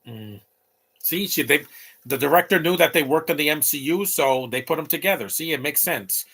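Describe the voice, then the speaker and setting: A man's voice: fairly high pitch, expressive, normal speed, vocal fry, fairly bright tone, slightly rough. A man in his late thirties giving opinionated, rambling live commentary over a movie, talking back at the screen. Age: late 30s.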